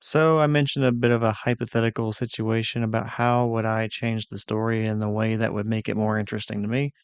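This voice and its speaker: A man talking through a video game's story as a commentator. His voice has a gravelly edge yet stays smooth and resonant. It is recorded dry and close. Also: lowish voice, flat delivery, brisk, no echo. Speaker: gaming video creator. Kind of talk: high-energy announcer-style recap; relaxed commentary.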